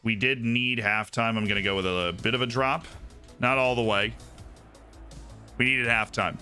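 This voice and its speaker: A man live-streaming a football manager game, commenting on the match like a sports caster and bursting into shouts at goals. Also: mid-range voice, steady tone, normal speed. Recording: game music clearly playing behind. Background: game music.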